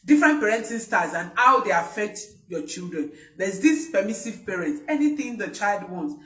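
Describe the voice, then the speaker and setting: A woman's voice: medium pitch, animated, moderate pace, a bit bright. A woman, a parenting coach giving an emphatic live-streamed talk to parents, repeating her key points. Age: adult parent. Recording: roomy, voice from mic distance.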